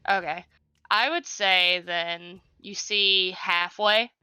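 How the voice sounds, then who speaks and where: Brief: woman game master, unhurried, bright tone, halting delivery, dry close mic. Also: fairly low pitch, fairly even intonation, clear, resonant tone, dry recording, soft background music. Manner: halting, restarts often, laughs easily. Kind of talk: narrating a tabletop game.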